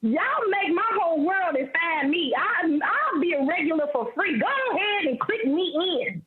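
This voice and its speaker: A woman's voice: extremely high pitch, expressive, moderate pace, over a noisy crowd. A middle-aged woman from Ohio with a Midwestern accent, calling into a live show and chatting in slangy, playful talk full of laughs. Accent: Midwestern American. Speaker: caller. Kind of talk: casual chat. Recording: dull lo-fi call audio.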